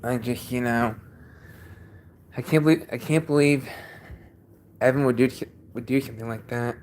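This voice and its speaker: Man, congested, livestream host, casual chat, halting, repeats himself, basement, mid pitch. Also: darkish tone. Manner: halting, repeats each sentence.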